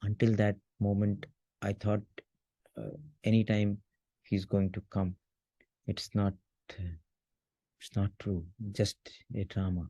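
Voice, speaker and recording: A man, an interview guest, talking in an earnest, halting way with frequent restarts as he recounts a personal memory. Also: on the low side, monotone, mellow, husky, no echo. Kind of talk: emotional personal reminiscence.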